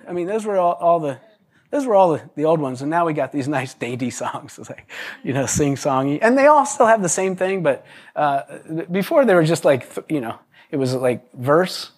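A man preaching to his congregation in a lively, story-driven way. His voice sits a little high for a man, and he breaks into laughter and quick impressions of the people in his stories. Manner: animated storyteller, acts out quoted voices, laughs often, many restarts. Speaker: pastor. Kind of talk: sermon with storytelling.

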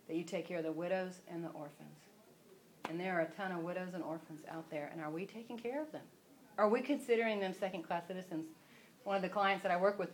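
Chatty woman teaching scripture. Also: fairly low pitch. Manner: chatty, rambling, self-interrupting. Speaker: Bible teacher. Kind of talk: casual devotional teaching.

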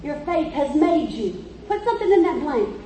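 In a sermon full of emphatic storytelling, a woman preacher's high, dark voice makes big pitch swings at a moderate pace. The recording is distant, in an echoey church with faint noise.

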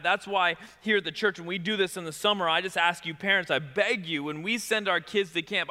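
A man preaching a sermon as pastor, swinging between loud emphasis and hushed, dramatic delivery. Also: high-pitched, big-room sound.

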